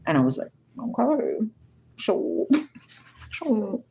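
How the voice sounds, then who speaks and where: A woman's voice: lowish voice, expressive, normal speed, a little hiss or hum. Giggly woman chatting on a livestream. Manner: giggly, laughs often and drifts into tangents. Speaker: livestream host reading viewer comments. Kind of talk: casual spiritual livestream chat with reading aloud.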